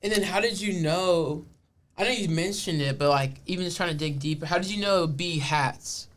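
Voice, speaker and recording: Curious man with a slightly high voice. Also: a little fast, fairly bright tone. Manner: friendly, curious questioning. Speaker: podcast host. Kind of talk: casual interview.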